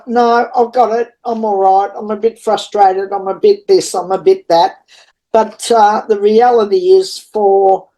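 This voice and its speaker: Woman doing a psychic reading, talks slow and rambly, calls everyone darlings. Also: medium pitch, mellow, poor audio. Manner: meandering, affectionate, calls listeners darlings. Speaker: psychic tarot reader. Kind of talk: spiritual reading monologue.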